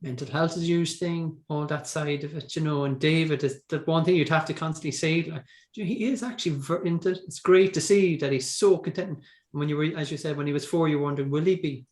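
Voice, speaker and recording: A man's voice: on the high side, fairly quick, darkish tone. Affirming Irish man interviewing, roomy echo. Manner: affirming, reflective. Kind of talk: conversational interview.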